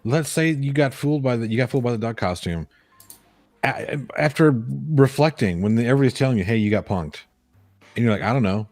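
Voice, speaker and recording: A man's voice: mid-range voice, lively intonation, brisk, darkish tone, dry recording, faint music behind. A man co-hosting a casual podcast, blunt and profane. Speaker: podcast co-host. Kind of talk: casual chat.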